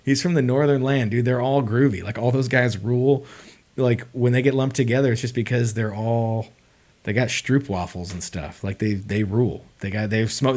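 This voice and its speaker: A young man chatting casually on a livestream, rambling and excitable, with lots of filler words. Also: medium pitch, normal speed. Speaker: streamer.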